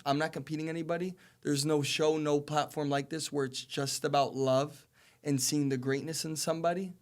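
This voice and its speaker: A man's voice: a little high, steady tone, moderate pace. A man in his twenties, a college soccer player, talking earnestly as a podcast guest and repeating phrases for emphasis. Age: 20s. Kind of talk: casual podcast conversation.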